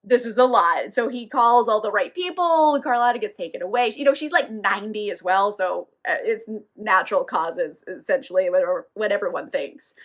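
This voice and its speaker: A woman giving a casual book recap in an animated, profane manner, laughing often as she talks. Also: medium pitch, a little fast, few pauses. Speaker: book reviewer.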